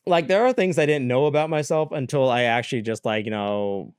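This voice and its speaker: A young man hosting a solo podcast, talking candidly in a rambling way, full of fillers and quick laughs. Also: mid-range voice, clean tone, no echo, clean studio sound. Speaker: podcast host. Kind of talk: casual solo podcast rant.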